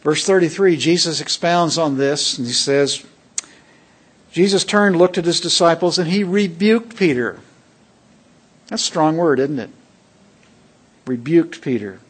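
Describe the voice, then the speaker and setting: Male preacher, sermon, husky, higher voice, emphatic, rhetorical questions to the congregation. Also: unhurried, long pauses. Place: church worship assembly.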